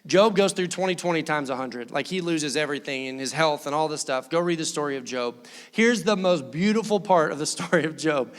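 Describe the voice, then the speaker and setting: Male pastor, high voice, lively sermon delivery, long church-hall reverb. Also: fairly quick. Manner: animated, acts out quoted voices, laughs often.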